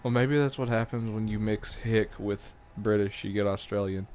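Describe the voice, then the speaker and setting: A man's voice: on the low side, steady tone, moderate pace, darkish tone. A young man plays through a game for a live stream and talks the whole time. He jokes with viewers and reads bits of game text aloud, with faint background noise under his voice. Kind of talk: casual gameplay commentary.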